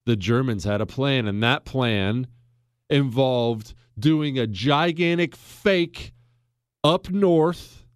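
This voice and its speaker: A man's voice: mid-range voice, takes it slowly, clean tone, no room sound, studio quality. A man hosting a podcast, telling history in a casual, jokey way and acting out quotes in silly voices. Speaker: podcast host.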